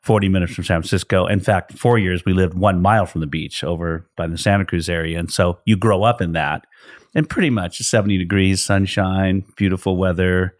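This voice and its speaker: A middle-aged man from California with a low-pitched voice, talking as a pastor in a relaxed podcast chat. He explains scripture earnestly and often stops and restarts his sentences as he thinks aloud. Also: a little fast. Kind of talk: casual faith podcast conversation.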